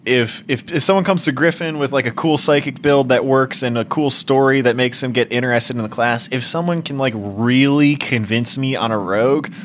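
A man's voice: mid-range voice, a bit bright, slight background noise. A man co-hosting a tabletop gaming podcast, talking bluntly and jokily with plenty of swearing. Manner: blunt, profane, jokey. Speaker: podcast co-host. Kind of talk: casual chat.

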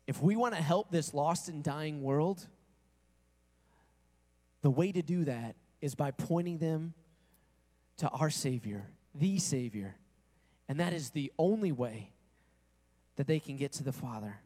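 A pastor delivers his sermon in a chatty way, questioning the congregation and voicing the people he quotes. He sits on the high side with a dark tone and lively intonation, speaking at a measured pace and pausing often. The church hall adds long reverb.

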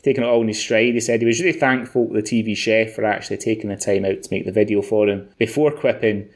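A man's voice: lowish voice, quick pace, hardly any pauses. A man co-hosting a podcast, chatting casually and telling stories with many restarts. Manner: rambling, many restarts, animated storytelling. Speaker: podcast co-host. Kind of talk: casual chat.

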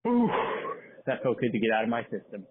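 A man leaving a voicemail for a podcast, ranting in a fast, exasperated way. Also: medium pitch, big pitch swings, over a noisy crowd. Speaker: caller. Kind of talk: phoned-in voicemail rant. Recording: tinny phone line with faint noise.

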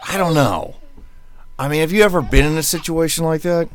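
A man's voice: on the high side, expressive, a little fast. A man co-hosting a podcast in casual chat, rambling and sarcastic, often restarting his phrases. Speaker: podcast co-host.

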